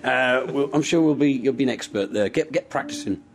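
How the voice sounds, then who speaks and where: A man's voice: medium pitch, a little fast. A man with a Teesside accent hosting a podcast and bantering with guests in a hotel bedroom. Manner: jokey, teasing, lively banter. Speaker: podcast host. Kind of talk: casual chat.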